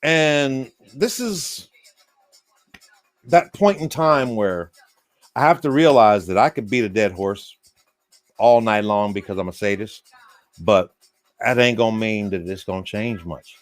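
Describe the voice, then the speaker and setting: A man's voice: on the low side, unhurried, pauses often. A man from the United States hosting a loose, rambling, folksy livestream monologue while drinking beer. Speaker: livestream host.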